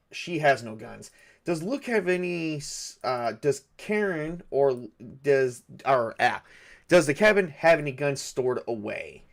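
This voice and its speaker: A man's voice: mid-range voice, gravelly. A man narrating a solo tabletop game, thinking aloud with frequent hesitations and fillers. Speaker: game master and solo player.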